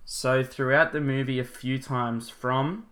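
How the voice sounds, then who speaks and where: A man's voice: medium pitch, steady tone, a little slow, fairly bright tone. A young Australian man on a film-review podcast, rambling and tripping over names as he makes his point. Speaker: podcast co-host. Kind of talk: casual film-review chat.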